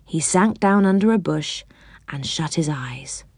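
A woman reads a children's story aloud, taking her time over each phrase. Her voice rises and falls in a very lively way. The recording is close and dry. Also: deep voice, breathy edge, no echo. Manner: expressive, unhurried storybook reading.

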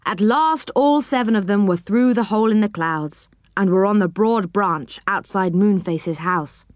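A woman reading a children's storybook aloud, expressive and dropping her voice for each speech tag. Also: mid-range voice, measured pace, no echo, clean studio sound.

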